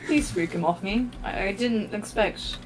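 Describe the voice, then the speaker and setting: A woman's voice: mid-range voice, measured pace, slight background noise, poor audio. A woman playing a tabletop game, talking playfully in slang and laughing often. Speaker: player. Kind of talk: casual tabletop game chat.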